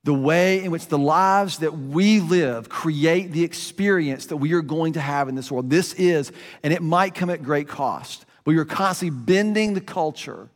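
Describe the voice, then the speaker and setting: A man preaching a conversational sermon, his voice rising and dropping for emphasis. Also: fairly high pitch. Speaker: pastor. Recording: long reverb of a large room.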